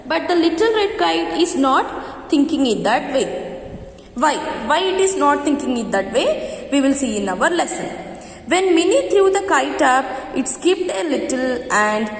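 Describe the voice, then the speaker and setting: A woman's voice: high voice, very animated, measured pace. A woman teacher reading a story to young children, often asking them questions. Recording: echoey room with long reverb.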